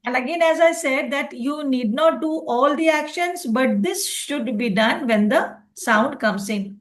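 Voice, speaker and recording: A woman's voice: high-pitched, lively intonation, normal speed. A woman teaching a phonics lesson online, explaining patiently and checking in with "okay" often.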